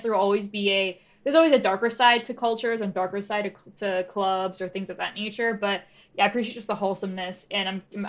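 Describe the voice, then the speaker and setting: A woman with a bright, sharp voice talks earnestly in a casual podcast chat. She reflects as she goes, using plenty of fillers. Her audio is dull and lo-fi. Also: medium pitch. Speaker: podcast co-host. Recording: dull lo-fi sound.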